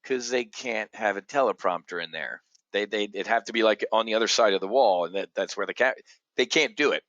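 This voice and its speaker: Man, market commentary host, blunt and combative, forceful voice, medium pitch, dry close sound. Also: brisk, no echo, muffled recording. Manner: blunt, combative, swings between loud outbursts and low muttering. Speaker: options trading show host.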